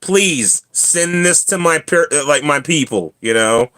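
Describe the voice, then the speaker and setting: A man hosts a relaxed livestream and talks straight to his viewers. His voice is bright and sits a little high, and he gets animated and ranty, with coughs and throat-clearing along the way. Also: a little slow. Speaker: livestream host. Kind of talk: casual chat with viewers.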